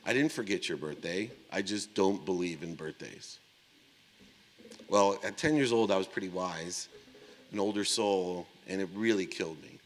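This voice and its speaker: A middle-aged man with a very low voice tells a personal story from a keynote stage, acting out what each person said. His words carry a long reverb that fills the big conference hall. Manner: emotional, confessional storytelling with quoted dialogue. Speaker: keynote speaker.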